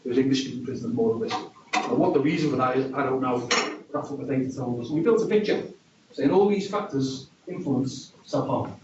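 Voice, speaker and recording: A man's voice: mid-range voice, fairly quick, noisy background. Man, conference talk, wry and chatty, distant mic, dull muffled sound. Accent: regional accent. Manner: wry, conversational, self-deprecating. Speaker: conference speaker. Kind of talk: conference presentation. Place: conference hall. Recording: distant, dull, echoey hall recording.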